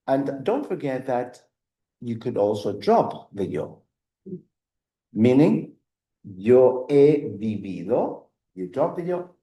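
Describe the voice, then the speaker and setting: Slow, lively-voiced male teacher, echoey room. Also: a little high. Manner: patient, stops to repeat and affirm. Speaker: Spanish teacher. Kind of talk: teaching an adult language class.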